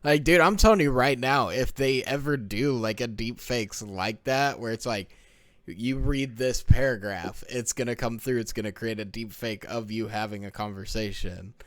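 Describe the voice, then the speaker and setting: A man's voice: mid-range voice, moderate pace, a bit bright, no echo. A young man co-hosting a casual podcast, arguing his point and saying "dude" and "like" constantly. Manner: argumentative, peppers speech with "dude" and "like". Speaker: podcast co-host. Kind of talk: casual chat.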